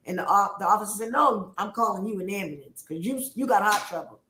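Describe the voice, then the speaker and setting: A woman tells a family story in an emphatic, animated way and acts out the other people's voices as she goes. Her pitch sits in the middle. The recording has a roomy echo. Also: fast talker. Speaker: guest on a livestream.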